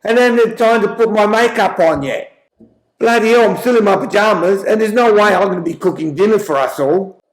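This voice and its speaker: A man voicing an angry, flustered housewife with an Australian accent, in a shrill, drawn-out scolding tone. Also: close to an everyday voice. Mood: exasperated. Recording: roomy echo.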